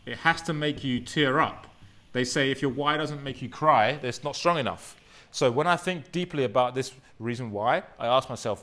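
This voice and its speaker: A man's voice: mid-range voice, moderate pace, sharp tone. A young man, a fitness coach, delivering an emphatic motivational course lesson and often checking in with "right?". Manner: earnest and emphatic, with frequent "right?" tag questions.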